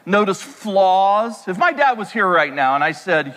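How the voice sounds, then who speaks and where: High-voiced preaching man in an echoey hall. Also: very animated, a little slow, hardly any pauses, a bit bright. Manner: conversational preaching with rhetorical questions. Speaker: pastor. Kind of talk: sermon.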